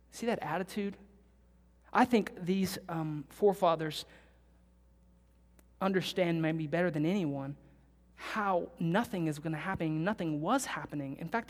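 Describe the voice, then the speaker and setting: A woman pastor preaching an earnest sermon, building to loud emphatic bursts when she quotes scripture. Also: lowish voice. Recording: long reverb of a large hall.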